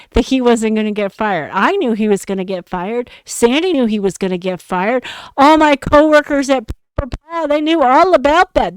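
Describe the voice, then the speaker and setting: Casual podcast woman swearing up a storm, clear voice, dead dry sound. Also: high voice, dry recording. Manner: profane, exasperated, emphatic. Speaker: podcast host. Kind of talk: casual storytelling rant.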